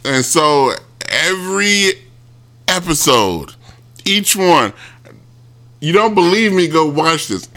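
Animated, bright-voiced man rambling. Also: takes it slowly, long pauses. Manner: rambling retelling with many restarts, mimicking people in high yelps. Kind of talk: casual commentary.

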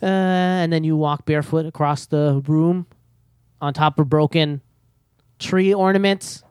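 On his own casual podcast, a man with a fairly high, clear, resonant, slightly mellow voice speaks unhurriedly with fairly even intonation. The studio sound is clean with no echo, and he rambles nervously, filling gaps with fillers and poking fun at himself.

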